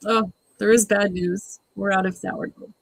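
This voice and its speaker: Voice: mid-range voice, level tone, a little slow, vocal fry, a little hiss or hum, low-quality recording. A host giving casual, exasperated running commentary at a live watch party, sarcastic and mimicking the people on screen.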